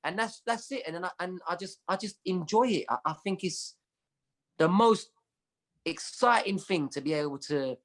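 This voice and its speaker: A man with a London accent, a comedian chatting as a podcast guest and telling animated stories full of street slang. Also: high-pitched, moderate pace. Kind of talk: casual chat.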